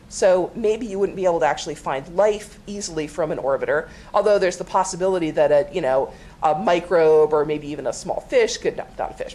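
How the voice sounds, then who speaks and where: Enthusiastic woman with a lowish voice. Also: a little mellow. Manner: enthusiastic, explanatory with fillers. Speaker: planetary scientist panelist. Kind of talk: public science talk. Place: auditorium stage.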